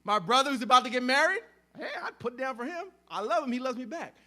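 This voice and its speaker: A man delivers a sermon as pastor in a very high, bright, sharp voice. He preaches emphatically, swinging between loud stressed words and near-hushed drops. He often repeats himself and restarts phrases mid-thought. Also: animated, fast.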